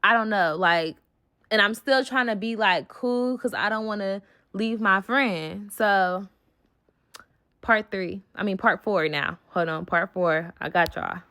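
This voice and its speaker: A young woman telling a story in a vlog, heated and profane, full of "like" and quick asides. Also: mid-range voice, pushed and bright.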